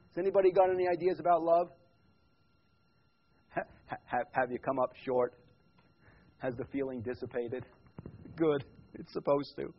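A man preaching a sermon in a church, loud when quoting scripture and quiet in his asides. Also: fairly high pitch, slightly rough. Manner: swings from loud emphatic quotes to quiet reflective asides. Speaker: pastor. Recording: muffled lo-fi church recording.

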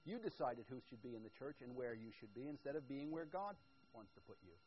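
High-pitched guy preaching, chatty then loud and punchy, muffled lo-fi sound. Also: wildly swooping pitch, fast talker, slight background noise. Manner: conversational preaching, swings from quiet asides to loud emphatic build-ups. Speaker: pastor. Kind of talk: sermon.

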